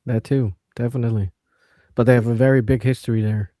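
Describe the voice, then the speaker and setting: A man's voice: mid-range voice, steady tone, fast talker, dark tone, no room sound, clean studio sound. Man hosting an interview. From Netherlands. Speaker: podcast host interviewer. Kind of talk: casual interview.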